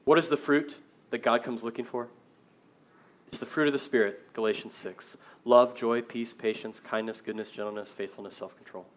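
A man in his thirties preaching to his church in an earnest sermon voice. He swings between loud, emphatic bursts and quiet, reflective stretches, with a mid-range pitch. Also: steady tone, moderate pace. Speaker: pastor.

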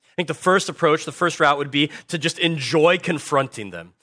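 Bright animated preacher man, dry sound. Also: a little high, normal speed, no room sound. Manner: animated, swings from hushed to loud emphatic bursts. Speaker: pastor. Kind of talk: sermon.

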